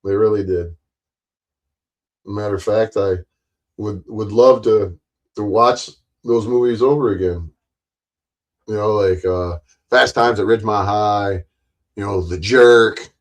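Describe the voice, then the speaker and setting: A middle-aged man with a low voice chats loosely to his livestream viewers. He rambles from one thought to the next, cracks crude jokes and breaks into laughter often. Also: fairly even intonation, slow pace, long pauses. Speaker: livestream host. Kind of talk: casual livestream chat.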